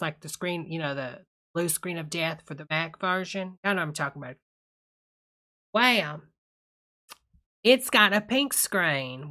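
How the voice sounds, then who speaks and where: A woman hosting as a gushing church lady on a live stream, a little tipsy from her drink, sweet-talking every viewer as honey. Her voice sits fairly low for a woman but comes across bright and forceful, with a drawl that is warm to the ear, all chatter and asides. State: tipsy from a cocktail. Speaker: livestream host reading chat.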